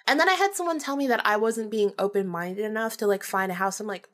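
Breathy young woman telling a story casually. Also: medium pitch, quick pace, few pauses. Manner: chatty, laughs often, swears casually. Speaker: podcast host.

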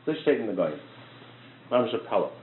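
A man, a rabbi teaching a class, telling a story in a lively, conversational way. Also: lowish voice, brisk, a little hiss or hum. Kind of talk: storytelling lecture. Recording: tinny phone-like sound in an echoey room.

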